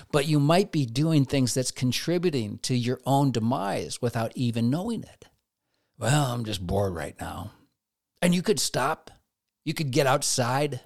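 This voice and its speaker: A man's voice: mid-range voice, measured pace. Male therapist, mid-range voice, motivational faith talk, rhetorical questions, acts out quotes.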